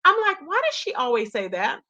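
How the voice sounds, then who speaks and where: A woman's voice: high-pitched, huge pitch swings, a little fast, pushed and bright. A woman hosting her own channel, chatting casually and laughing often as she recaps online gossip. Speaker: commentary channel host.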